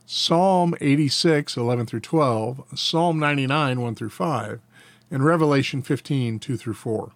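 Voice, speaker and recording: A man's voice: mid-range voice, dry recording. Male Bible teacher reading catechism answers with folksy, chuckling asides; mid-range voice, dry recording. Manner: reads answers, then adds folksy chuckling commentary. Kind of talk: catechism lesson with casual asides.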